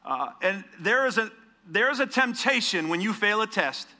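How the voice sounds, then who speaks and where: Bright-voiced man preaching conversationally. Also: high voice, animated, normal speed. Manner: conversational preaching with rhetorical questions. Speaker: pastor. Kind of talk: sermon.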